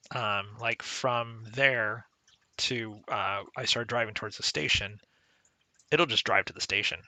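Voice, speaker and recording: A man's voice: medium pitch, bright, forceful tone, no echo. A man giving casual, conversational commentary while playing a retro adventure game, explaining its mechanics as he goes. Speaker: let's play commentator.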